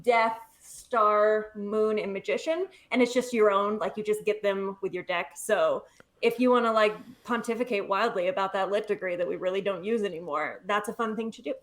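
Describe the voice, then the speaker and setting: A woman guest in a casual interview, speaking fast and bubbly with self-deprecating jokes over a video call. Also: medium pitch. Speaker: guest, literacy nonprofit leader.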